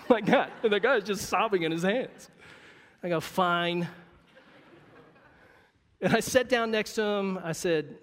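A man preaching a sermon, telling a personal story in a conversational, wry way and dropping to a quiet voice for emphasis. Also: high-pitched, moderate pace, long reverb tail.

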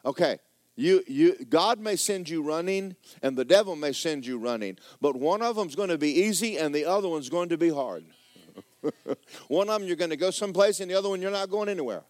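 A man's voice: fairly high pitch, lively intonation, brisk, dry recording, studio quality. A man preaching a sermon as pastor, folksy and joking, repeating words for effect.

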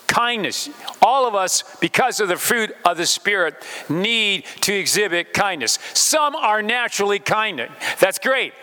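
A man's voice: high-pitched, animated, unhurried, bright, forceful tone, big-room sound. A pastor preaching a sermon, speaking straight to his congregation and asking them questions as he goes.

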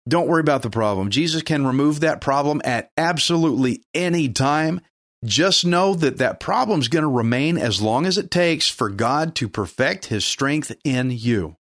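A man's voice: a little high, lively intonation, measured pace, no echo, clean studio sound. A man preaching a sermon in an urgent, emphatic, exhorting way.

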